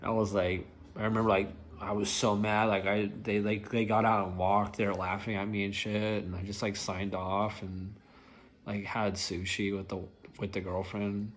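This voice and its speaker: A man's voice: lowish voice, flat delivery, normal speed, slight background noise. A young adult man casually telling rideshare driver stories, rambling and filling nearly every phrase with "like". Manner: rambling, filler-heavy, lots of "like". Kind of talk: casual storytelling vlog.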